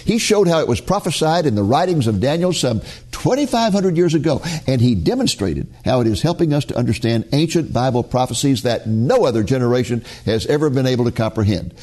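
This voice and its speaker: A man hosting a ministry program, introducing a recorded conference talk in a measured, preacherly way. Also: medium pitch, big pitch swings, mellow.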